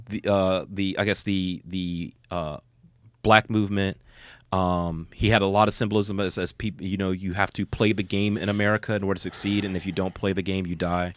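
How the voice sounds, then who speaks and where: A man hosts a podcast in loose, easygoing conversation. His voice sits on the low side, and he rambles through his points while often agreeing with "right, right, right." The sound is close and dry. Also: dry recording. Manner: laid-back, rambling, frequent "right, right, right". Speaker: podcast host. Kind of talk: casual chat.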